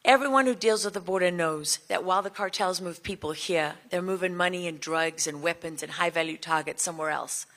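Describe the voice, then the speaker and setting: A woman's voice: lowish voice, brisk, few pauses, a bit bright. A woman giving an impassioned speech at a summit, firing rhetorical questions at the crowd. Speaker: speaker at a border summit.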